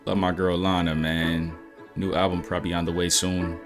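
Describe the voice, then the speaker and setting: A man with a low, deep voice gives casual reaction commentary on a song. He muses aloud and often restarts his sentences while he works out his thoughts. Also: little pitch movement, normal speed, music in the background. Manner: reflective, musing, with frequent restarts. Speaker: music reaction host.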